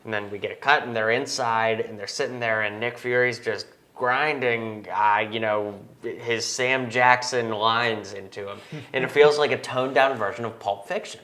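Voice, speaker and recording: A man's voice: mid-range voice, steady tone, normal speed, hardly any pauses, sharp tone. A young man hosting a casual movie review chat, talking with enthusiasm. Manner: enthusiastic, chatty, quotes lines in put-on voices. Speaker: host.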